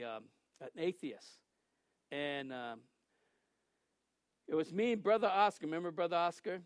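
A man's voice: high-pitched, dry recording. A male pastor giving a sermon in a conversational, storytelling way that turns emphatic at times.

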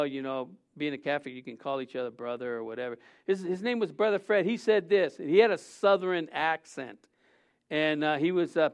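A man preaching an informal sermon, halting often and asking rhetorical questions. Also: fairly high pitch, clear, resonant tone.

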